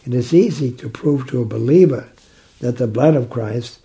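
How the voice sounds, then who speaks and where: A man explaining a Bible passage in conversation, reading verses slowly and reflecting on them. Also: medium pitch, dark tone, poor audio. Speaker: Bible teacher. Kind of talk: scripture commentary in conversation.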